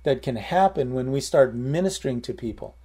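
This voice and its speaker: A man's voice: medium pitch, animated, fairly quick, mellow, husky. A man preaching informally, telling a story in a rambling way and often repeating his words.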